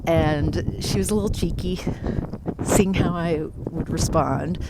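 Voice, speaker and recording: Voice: medium pitch, measured pace, heavy background noise. A psychic medium casually telling a first-person ghost story, reflective and loose, with filler words.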